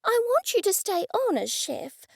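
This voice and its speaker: Woman voicing a gentle, placating woman sleuth. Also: very high voice, big pitch swings, unhurried, gravelly, no room sound, studio quality, pitched above the performer's own voice, heavily acted. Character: kind cheerful woman amateur sleuth.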